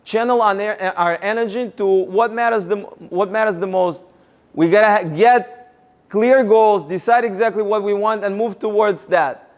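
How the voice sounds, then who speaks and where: A man giving a motivational seminar talk, energetic and rallying the audience with questions. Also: high voice, normal speed. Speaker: seminar speaker.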